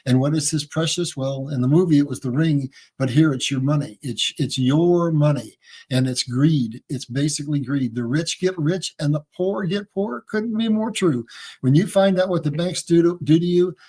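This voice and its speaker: A man with a husky voice speaking as an interview guest, explaining in a folksy, emphatic way and addressing listeners as "folks.". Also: on the high side, moderate pace, mellow. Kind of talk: casual explanatory interview talk.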